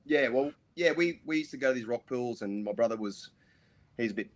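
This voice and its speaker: A man's voice: medium pitch, animated, a little fast. A middle-aged Australian man, a podcast guest, telling rambling stories full of ums and restarts. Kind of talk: casual interview storytelling.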